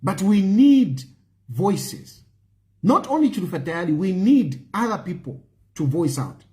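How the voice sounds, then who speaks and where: A man's voice: high-pitched, sing-song, unhurried, a little mellow. A man with a Zambian accent delivering an impassioned political monologue as a show host, pleading and emphatic, repeating his phrases and slipping in Bemba words. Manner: mixes Bemba phrases into English.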